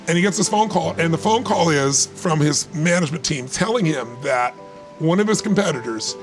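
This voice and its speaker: A man's voice: a little high, lively intonation, normal speed, faint music behind. A man giving motivational talk in conversation, emphatic and repetitive, telling stories to make his point. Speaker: motivational speaker.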